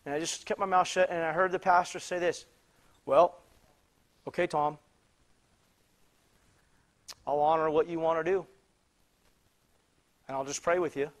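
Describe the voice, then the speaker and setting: A man preaching in church, telling a story with many restarts and bursts of loud exclamation. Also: on the high side, fairly even intonation, a little slow, long pauses. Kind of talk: sermon storytelling. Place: church sanctuary.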